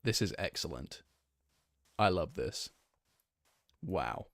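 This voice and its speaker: Recorded in a clean studio with no room sound, this man speaks slowly in a low, creaky, very animated voice. He's a streamer in a block-building game, chatting loosely with his live chat, meandering along relaxed, with plenty of filler words and corrections to himself.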